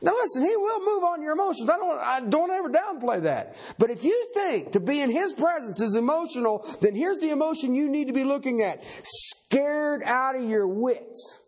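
A man's voice: very high voice, sing-song, moderate pace, hardly any pauses, darkish tone. A man preaching a sermon, emphatic and folksy, repeating key phrases for effect.

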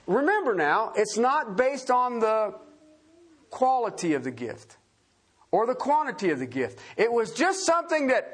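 A man's voice: very high voice, normal speed, slightly rough. A man preaching an expository sermon, casual and conversational, often checking in with his listeners and spelling out words. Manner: animated and conversational, frequent "Okay?" check-ins.

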